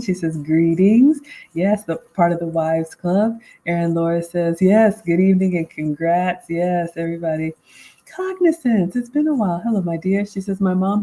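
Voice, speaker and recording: A woman's voice: on the low side, mellow, rough recording. A woman in her forties hosting a casual live Q&A, reading viewer comments aloud and answering them conversationally. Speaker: livestream host and life coach.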